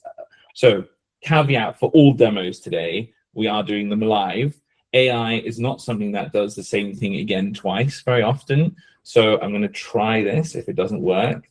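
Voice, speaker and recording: A man presenting a live online webinar, enthusiastic, with quick asides. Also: lowish voice, slightly rough.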